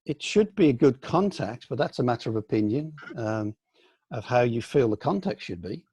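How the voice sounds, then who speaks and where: An older man from the UK, a senior aikido teacher, reminiscing in a relaxed online question-and-answer session, with many ums and restarts. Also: mid-range voice, normal speed, slightly rough, no echo, highs cut off. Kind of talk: casual online Q&A. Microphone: video call.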